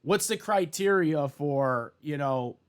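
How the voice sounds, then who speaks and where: A man's voice: on the high side, animated, takes it slowly, clean tone. A young man giving a casual, profane opinion rant about sports, with many fillers and restarts. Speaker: sports commentator vlogger.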